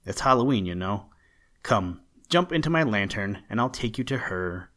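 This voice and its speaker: A man's voice: lowish voice, lively intonation, normal speed, fairly bright tone. A man voicing a small, friendly male lantern sprite in a storybook, talking in a kindly, chatty way.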